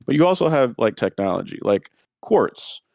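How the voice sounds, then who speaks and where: A man's voice: mid-range voice, big pitch swings, normal speed, gravelly, darkish tone, no room sound, studio quality. A man talking through ideas on a podcast in a musing, thoughtful way, with frequent fillers. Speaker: podcast co-host. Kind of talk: casual discussion.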